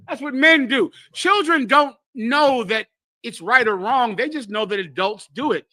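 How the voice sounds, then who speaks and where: A man's voice: very high voice, measured pace, sharp tone, no room sound. A man teaching scripture to a group, lecturing emphatically and acting out the voices he quotes. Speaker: religious teacher.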